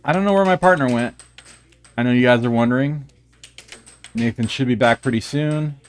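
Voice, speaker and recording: A man's voice: mid-range voice, moderate pace, clear, resonant tone. A man doing live play-by-play commentary on an air hockey match in a joking, playful manner.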